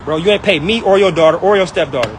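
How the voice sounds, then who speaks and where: A man's voice: high voice, fast, slight background noise, rough recording. A young man in a heated personal rant, angry and hurt, talking in slang and repeating himself.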